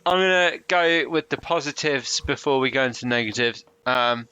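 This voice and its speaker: A man co-hosting a podcast in casual chat, laid-back and quick to laugh. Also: mid-range voice, sharp tone, clean tone. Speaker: podcast co-host.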